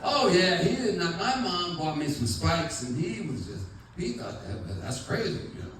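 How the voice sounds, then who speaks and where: A man's voice: on the high side, sing-song, measured pace, a bit bright, very echoey, distant mic, slight background noise, poor audio. A male stand-up comedian telling stories in a rambling, chatty way on a club stage. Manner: rambling, chatty, many fillers. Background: audience laughter.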